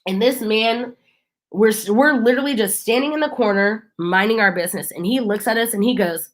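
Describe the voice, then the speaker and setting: A woman's voice: fairly high pitch, fairly quick. A woman vlogger in casual chat, telling a story in a chatty way full of fillers.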